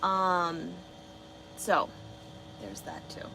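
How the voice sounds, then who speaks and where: A woman's voice: on the low side, big pitch swings, extremely slow, gravelly, background noise. A woman truck driver on a casual livestream, answering her chat bluntly and swearing freely. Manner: blunt, swears a lot, talks back to chat.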